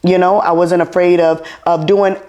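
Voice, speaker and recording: Animated woman host telling stories. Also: on the low side, normal speed, dull audio. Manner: animated storyteller, laughs often. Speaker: podcast host. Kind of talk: casual chat.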